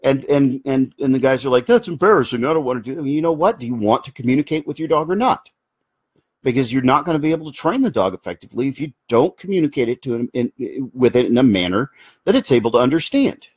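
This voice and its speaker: Husky-voiced man hosting a casual Q&A. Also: medium pitch, expressive, fast, a little mellow, no room sound. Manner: earnest, explanatory, drifts into asides and restarts. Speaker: host of a live Q&A show. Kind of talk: casual live Q&A, answering viewer comments.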